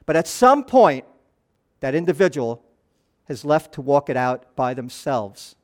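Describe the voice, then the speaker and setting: A middle-aged man preaching a sermon as a pastor, moving between soft, hushed passages and raised, animated ones. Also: mid-range voice, a little slow.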